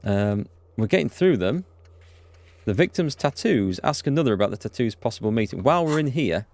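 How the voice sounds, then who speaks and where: A man hosting a let's play, reading the game's dialogue aloud with quick asides to viewers. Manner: reads dialogue aloud with quick asides, jumps in pitch when excited. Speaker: gaming channel host.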